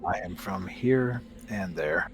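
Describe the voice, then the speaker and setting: A man's voice: low-pitched, slow, a little hiss or hum. A man from North Carolina chatting casually during a game stream, easygoing. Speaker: gaming companion. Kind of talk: casual chat while gaming.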